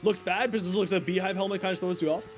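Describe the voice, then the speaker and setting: A man's voice: high voice, fairly even intonation, rapid-fire, over music. A young man streaming a video game, chatting casually with his viewers, reacting to chat and teasing them. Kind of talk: casual live-stream chat while gaming.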